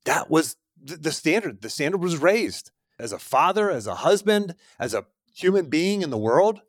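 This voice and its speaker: A man's voice: a little high, very animated, normal speed, no room sound, clean studio sound. A man in his thirties hosting a podcast, giving a motivational monologue in a conversational way with frequent fillers. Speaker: podcast host.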